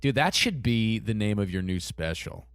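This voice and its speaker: A man hosts a podcast in relaxed chat. His pitch swings widely as he talks and swears. The sound is dry and close, with no room echo. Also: normal speed, clear, resonant tone. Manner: lively, swearing, laughs often. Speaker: podcast host.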